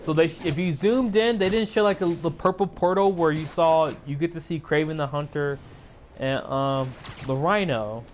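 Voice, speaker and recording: A man with a fairly high voice retells a movie in a loose, rambling vlog recap, leaning on fillers as he goes. He sounds sleepy and keeps yawning. His throat is sore from all the talking. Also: normal speed, a little hiss or hum. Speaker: YouTuber.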